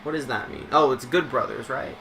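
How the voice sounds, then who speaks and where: A man's voice: mid-range voice, fairly quick, gravelly, crowd noise. A young man live-streaming a wrestling video game, rambling and joking through mock play-by-play commentary from home. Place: home room while streaming.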